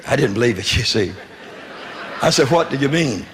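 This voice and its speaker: This Southern preacher speaks at a medium pitch, expressive and a little slow, with long pauses, a somewhat bright tone and a faint hiss or hum. He tells his sermon testimony in a folksy, wry, funny way, voicing the dialogue himself.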